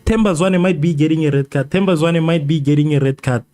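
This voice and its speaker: A South African man hosting a live football watchalong, reading viewers' comments and reacting excitedly, often repeating phrases. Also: a little high, fast talker. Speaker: livestream host.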